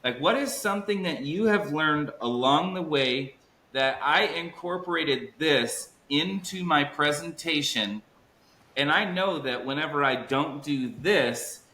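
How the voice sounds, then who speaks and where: A man's voice: a little high, unhurried, sharp tone, reverberant, slight background noise, rough recording. A man hosting a sales podcast in an upbeat, hype-building way, stretching out key words for emphasis. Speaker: podcast host. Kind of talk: energetic podcast chat.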